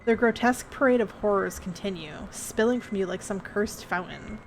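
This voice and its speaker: A woman's voice: mid-range voice, moderate pace, a little hiss or hum. A woman streamer reading a horror story game aloud with dramatic delivery and joking asides to chat.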